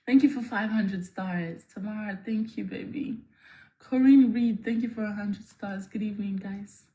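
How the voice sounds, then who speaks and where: A woman livestreaming, laughing loudly and thanking viewers for their gifts in a playful, patois-tinged way. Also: mid-range voice, moderate pace.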